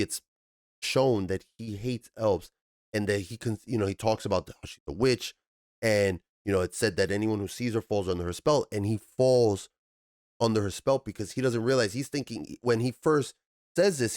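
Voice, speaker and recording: A man hosting a TV review channel, ranting in an animated, profane way and jumping up into high, exasperated bursts. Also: moderate pace, no echo, studio quality.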